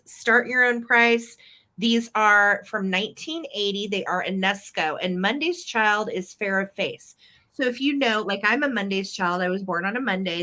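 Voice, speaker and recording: Bright, chatty woman selling vintage live. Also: fairly high pitch. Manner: chatty and upbeat, describing items. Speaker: live sale host. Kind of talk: live online sales chat.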